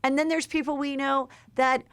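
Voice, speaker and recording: A woman's voice: high-pitched, moderate pace, dry recording. Chatty woman podcast host, dry sound. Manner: chatty, animated, acts out quotes in put-on voices. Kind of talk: casual gossip chat.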